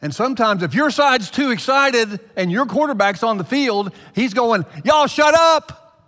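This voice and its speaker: A man preaching a sermon to his congregation, climbing loud for emphasis and then dropping low. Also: animated, normal speed. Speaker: pastor. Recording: long hall reverb.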